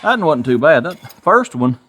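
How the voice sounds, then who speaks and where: A Southern US man chats casually as he works on a car in his home garage, folksy and quick to poke fun at himself. His voice leaps around with a lively, animated pitch, sitting a little high for a man. Tool clatter and shop noise come through clearly behind him. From Tennessee, USA. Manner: folksy, chuckling, self-deprecating. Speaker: garage channel host. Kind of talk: casual workshop vlog talk.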